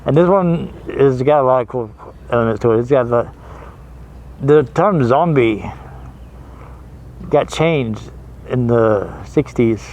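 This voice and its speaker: A man's voice: mid-range voice, unhurried, long pauses, a little mellow. A man hosting a horror movie show, talking casually and rambling, laughing easily and trailing off. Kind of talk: casual chat.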